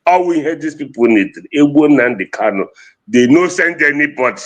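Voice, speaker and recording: A man's voice: a little high, animated, normal speed, highs cut off. A man with a Nigerian Igbo accent giving an impassioned livestream talk, switching between English and Igbo. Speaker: activist speaker.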